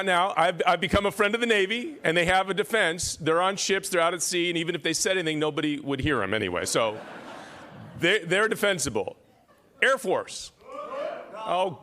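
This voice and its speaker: At an award ceremony in a large hall, a middle-aged man emcees from a podium microphone, joking with and teasing the audience. His voice is fairly high and sharp in tone, and a little hiss or hum sits under the recording.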